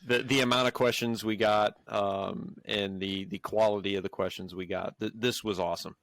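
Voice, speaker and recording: A man co-hosting a podcast, thanking listeners in a sincere, halting way. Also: lowish voice, steady tone, creaky, fairly bright tone, dry recording. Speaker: podcast co-host. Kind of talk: casual chat.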